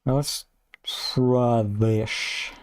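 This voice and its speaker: Slow, muttering man coding aloud. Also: mid-range voice, fairly even intonation, smooth, no echo. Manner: thinks aloud in clipped half-sentences, swears when frustrated. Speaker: streamer. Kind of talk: muttering to himself while coding. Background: keyboard typing.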